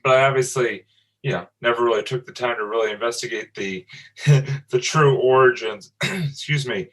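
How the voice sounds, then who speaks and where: A man co-hosting a casual sports history podcast, relaxed and easygoing with light jokes. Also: mid-range voice, normal speed, poor audio. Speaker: podcast co-host.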